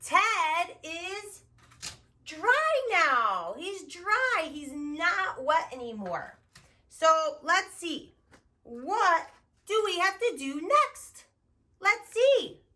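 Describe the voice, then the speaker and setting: A woman teaching toddlers in a gentle, encouraging voice, talking slowly and repetitively in a sing-song way. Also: very high voice, sing-song. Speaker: early childhood educator. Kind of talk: toddler teaching video narration.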